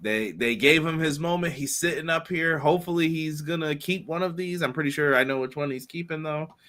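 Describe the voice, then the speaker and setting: A man's voice: on the high side, fairly quick, bright, forceful tone. A man co-hosting a wrestling podcast, chatting casually and laughing between points. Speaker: podcast co-host.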